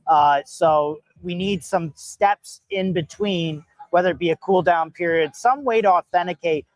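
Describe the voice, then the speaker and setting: Man, host, upbeat chatty interviewer, dry close sound, slightly high voice. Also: dry recording. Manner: upbeat, quick reactions, chatty. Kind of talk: casual live-stream interview. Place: hackathon event floor.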